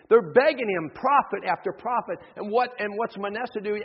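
A man's voice: high-pitched, normal speed, few pauses, slightly rough. A man preaching a sermon in a church, telling a Bible story with passion and acting out its figures. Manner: impassioned, acts out biblical figures. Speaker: pastor. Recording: dull audio with long hall reverb.

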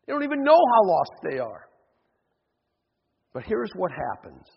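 A male pastor gives a fervent sermon and switches into the voices of biblical figures as he tells the story. His voice is high and husky. The audio is muffled and carries a long hall reverb. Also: wildly swooping pitch, unhurried. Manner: impassioned, acts out biblical figures.

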